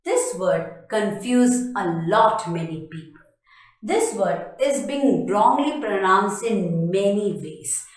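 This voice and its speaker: Woman, pronunciation teacher, slow deliberate delivery, emphatic, spells words out, strongly echoey room. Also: medium pitch, sing-song. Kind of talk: slow spoken pronunciation lesson.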